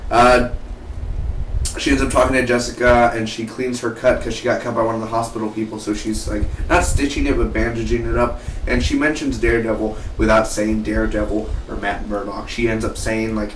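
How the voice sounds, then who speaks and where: A man giving a casual, excitable spoken review of a TV episode, chatty and full of "man" and "dude". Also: on the low side, brisk. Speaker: TV show reviewer. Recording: echoey room, mic at a distance, faint background hum.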